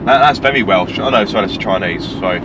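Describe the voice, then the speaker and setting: A man, hosting a car vlog in casual, deadpan joking chat. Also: sits low, fast, heavy background noise. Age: 30s. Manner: playful, deadpan joking, stumbles over words. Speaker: vlog host. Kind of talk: casual chat while driving and on location. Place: small car on the road, then outdoors by the sea.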